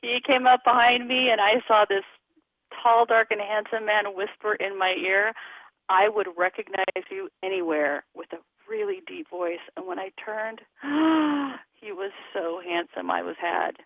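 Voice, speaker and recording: A woman's voice: mid-range voice, lively intonation, normal speed, creaky, no room sound. A woman relationship coach speaking frankly and emphatically in an interview over the phone. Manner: frank and emphatic, talks candidly about sex. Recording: tinny phone line, dry.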